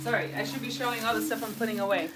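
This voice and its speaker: A woman's voice: fairly high pitch, fairly even intonation, rapid-fire, fairly bright tone, poor audio. A woman from the United States hosting a casual live stream from a home kitchen, trading playful teasing banter with her partner. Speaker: livestream host. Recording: guitar music playing behind. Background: guitar music.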